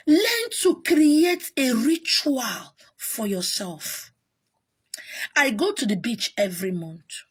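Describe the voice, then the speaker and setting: Emphatic Nigerian woman, husky lively voice. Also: fairly high pitch, takes it slowly. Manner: exasperated, emphatic, repeats herself. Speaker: spiritual teacher. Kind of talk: casual monologue.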